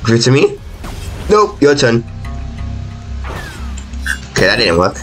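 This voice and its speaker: A man's voice: mid-range voice, big pitch swings, a little slow, fairly bright tone. A young man giving live commentary on his own gameplay, frantic and pleading, often mocking himself. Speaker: gaming YouTuber. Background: game music.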